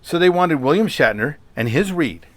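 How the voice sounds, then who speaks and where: A man's voice: a little high, animated, moderate pace, fairly bright tone, no room sound. A middle-aged man hosting a solo podcast, talking conversationally and telling a story with rhetorical questions. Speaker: podcast host.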